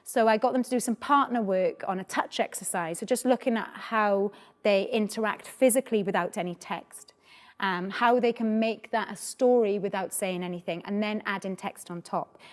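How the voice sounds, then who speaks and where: A woman with a Welsh accent, an actor leading a practical drama workshop and giving clear, encouraging instructions. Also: mid-range voice, normal speed.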